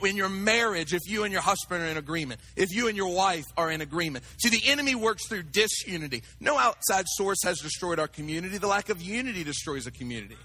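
A man preaching a sermon, animated and talking to his congregation with acted asides. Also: sits high. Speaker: pastor.

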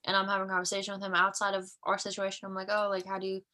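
A woman in her twenties, co-hosting a podcast, telling a story in casual chat and acting out the quotes in high voices. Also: monotone, very fast, pushed and bright, a little hiss or hum, rough recording. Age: 20s. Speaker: podcast co-host.

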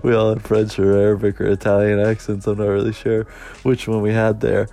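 A man's voice: fairly low pitch, monotone, fairly quick, gravelly, dark tone. A man, hosting a solo podcast in a rambling, chatty way and laughing often. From United States. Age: 20s. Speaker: podcast host. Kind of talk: casual solo podcast monologue.

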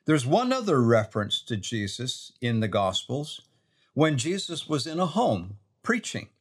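A man telling a devotional scripture story in an earnest way, reading the quoted verses slowly and softly. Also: mid-range voice, sing-song, breathy edge.

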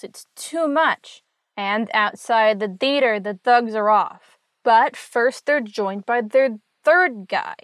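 A woman's voice: on the high side, a bit bright, no room sound. Wry woman recapping a comic, dry sound. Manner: wry, dry asides and sarcasm. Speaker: podcast host recapping a comic. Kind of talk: casual comic recap narration.

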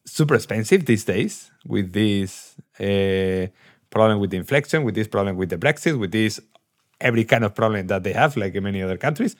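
Low-voiced Spanish-accented man, animated. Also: a little fast. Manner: animated, laughing, repeating words while searching for them. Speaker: podcast co-host. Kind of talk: casual chat.

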